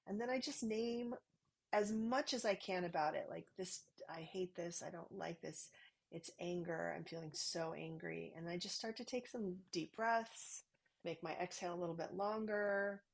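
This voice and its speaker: Woman, soft guiding podcast voice, slightly low, unhurried and calm. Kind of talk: podcast conversation on parenting.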